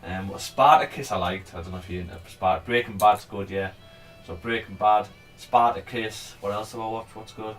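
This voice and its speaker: A man's voice: lowish voice, fairly even intonation, normal speed, fairly bright tone, faint music behind. A man giving casual, rambling commentary on a live trading stream. He chats freely, swears now and then, and urges the price on as he goes. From England.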